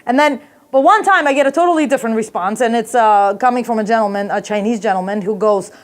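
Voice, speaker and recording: A woman's voice: fairly high pitch, quick pace. A woman performing a stand-up comedy routine, telling a brash, profane story and jumping into character voices.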